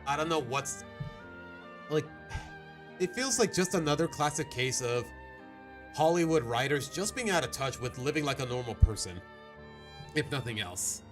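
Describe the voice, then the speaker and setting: A man live-streaming his reactions to videos in casual, animated chat, groaning and laughing as he goes. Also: medium pitch, moderate pace, long pauses, music in the background.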